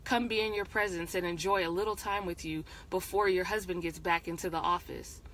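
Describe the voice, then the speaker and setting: A woman voicing a tender, seductive secret lover in her own story, speaking softly. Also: lowish voice, fairly even intonation, fairly quick, slight background noise, lightly acted, rough recording.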